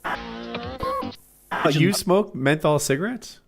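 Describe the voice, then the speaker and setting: Podcast co-host, man, pitch bouncing up and down, mock-offended ribbing. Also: sing-song, very slow, creaky, faint music behind. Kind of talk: casual podcast banter.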